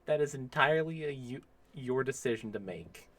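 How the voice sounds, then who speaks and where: A man's voice: medium pitch, animated, normal speed, fairly bright tone. A man in his twenties bantering playfully in casual stream chat, trading mock threats with a friend. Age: 20s.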